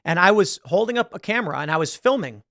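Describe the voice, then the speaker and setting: A man's voice: high voice, lively intonation, quick pace, vocal fry, bright, forceful tone, dry recording, studio quality. A man hosting a show, giving rambling, conversational commentary and acting out quotes as he goes. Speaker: show host. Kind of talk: casual political commentary.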